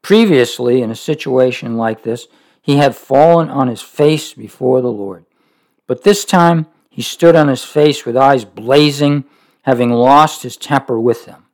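A man reads a devotional book aloud in an earnest, reflective way. He pauses often and breaks off to give his own heartfelt comments before going back to the text. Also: medium pitch, darkish tone.

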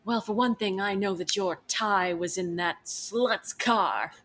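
A woman reading a jealous, furious wife in a mock-dramatic parody scene, overwrought and loud. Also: mid-range voice, measured pace.

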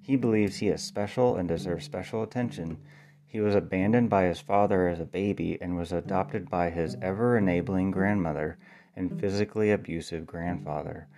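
Deep-voiced man talking over guitar. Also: normal speed, warm tone. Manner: thinks aloud with ums, spells words letter by letter. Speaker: playwright and podcast host. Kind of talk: casual spoken monologue.

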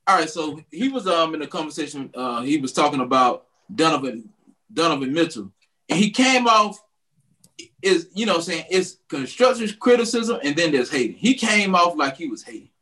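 A man co-hosting a casual podcast, animated and slangy as he trash-talks. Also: fairly high pitch, moderate pace. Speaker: podcast co-host. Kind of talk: casual banter.

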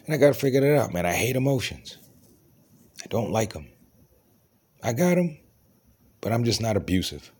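A man hosting a solo show, delivering a profane, ranting monologue that swings from low muttering to raised outbursts. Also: animated, fast, a little mellow, breathy edge. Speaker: ranting host.

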